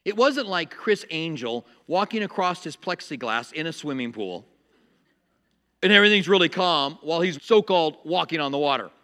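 A man preaching a sermon as pastor, animated, acting out little voices and laughing at his own jokes. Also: on the high side, normal speed, long reverb tail.

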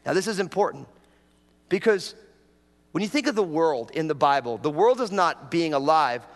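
High-voiced preaching man in a reverberant hall. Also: expressive, moderate pace. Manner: conversational preaching with audience prompts and jokes. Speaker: pastor. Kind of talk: sermon.

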